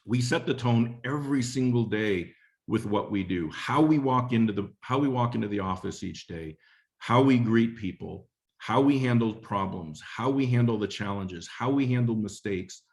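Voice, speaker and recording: A man's voice: mid-range voice, moderate pace. A middle-aged man giving a webinar talk on leadership, telling a story in a conversational way and often repeating phrases. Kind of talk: motivational talk with anecdote.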